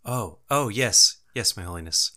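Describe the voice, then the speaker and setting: A man's voice: fairly low pitch, lively intonation, moderate pace, sharp tone. A man voicing a nervous, overly deferential male goblin servant who stammers and apologizes constantly. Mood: apologetic. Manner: stammering, apologetic, keeps repeating honorifics.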